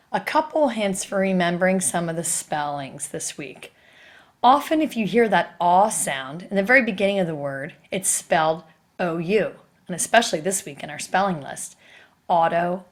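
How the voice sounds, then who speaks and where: Woman teacher recording a spelling lesson; patient, asks questions, slightly low-pitched. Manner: patient, explains step by step with questions.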